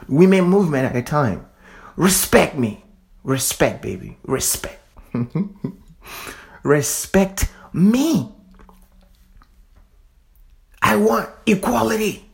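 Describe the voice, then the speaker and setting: A man from Africa giving a fervent, repetitive monologue, swearing casually as he preaches. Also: a little high. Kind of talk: impassioned monologue.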